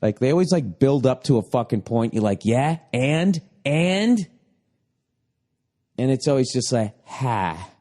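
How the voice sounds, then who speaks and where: A man's voice: mid-range voice, fast, few pauses, mellow. Profane ranting man. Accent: Boston. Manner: ranting, swearing, mocking imitations. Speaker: comedian, podcast host. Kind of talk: profane comedic rant.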